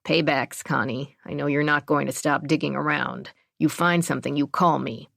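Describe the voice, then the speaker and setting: A woman's voice: deep voice, fairly even intonation, normal speed, gravelly, a bit bright, no room sound, clean studio sound, heavily acted. A woman voicing a blunt, matter-of-fact middle-aged man in an audiobook. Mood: wry. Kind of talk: audiobook character voice.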